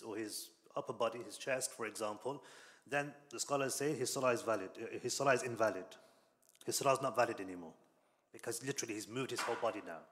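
A man giving a religious lesson in an explanatory way, often pausing with fillers and restarting phrases. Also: medium pitch, fairly bright tone. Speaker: Islamic teacher. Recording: long reverb in a hall.

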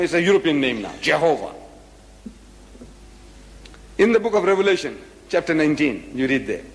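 A man's voice: a little high, in a large hall. A man giving a public religious lecture, emphatic, firing rhetorical questions and repeating his points.

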